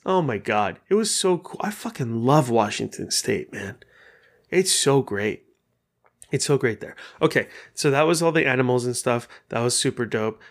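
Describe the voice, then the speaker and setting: Young guy rambling on his podcast, lots of swearing, excitable, regular mid voice. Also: medium pitch, normal speed. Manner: animated, profane storytelling. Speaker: podcast host. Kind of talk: casual monologue.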